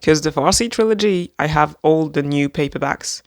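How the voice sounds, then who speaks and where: A book vlogger chatting casually and gushing excitedly about a secondhand book haul, rambling with lots of fillers. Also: mid-range voice, normal speed, no room sound, studio quality. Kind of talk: reading a poem aloud.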